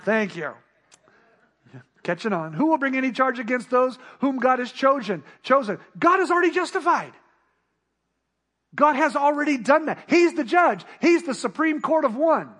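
A pastor delivering a sermon, building emphatic rhetorical questions and repeated refrains. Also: male voice, extremely high pitch, animated, moderate pace, fairly bright tone. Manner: emphatic preaching.

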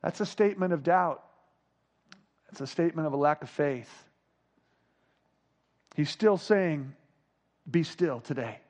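High-pitched guy preaching, gets loud on the repeated questions then goes real quiet. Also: a little slow, pauses often. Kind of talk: sermon.

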